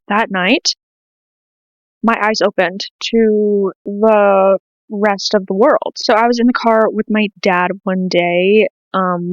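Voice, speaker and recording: A late-teen American woman hosts her own podcast, self-filmed to camera, rambling emotionally in a casual confessional style and saying "like" often. Her voice is mid-range, and the recording is dry and lo-fi.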